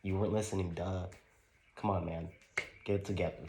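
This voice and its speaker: Man voicing casual college bros, low-pitched, slangy, laid-back skit banter. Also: steady tone, brisk, vocal fry, a little mellow, a little hiss or hum. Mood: joking banter.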